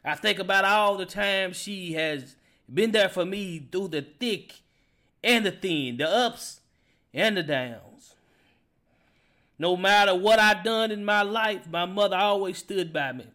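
A man in his forties telling a personal testimony as a podcast host, emotional and halting, often repeating words as he speaks. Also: sits high, pushed and bright. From Kentucky. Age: 40s.

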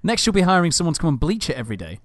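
A man's voice: a little high, big pitch swings, racing, dry recording. A man co-hosting a podcast in casual chat, making teasing, wry remarks. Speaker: podcast co-host.

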